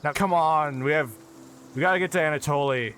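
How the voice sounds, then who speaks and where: A man doing a grumbling soldier, defensive, rushed, slightly high voice. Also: fairly bright tone, slight background noise, close to an everyday voice. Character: nervous human male soldier, grumbling.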